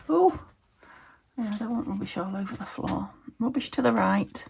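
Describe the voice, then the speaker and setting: A woman's voice: mid-range voice, very animated, normal speed, creaky, background noise. A woman from the UK chatting casually to her viewers while she crafts at her desk at home, talking to herself and hunting for words. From United Kingdom. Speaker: craft vlogger.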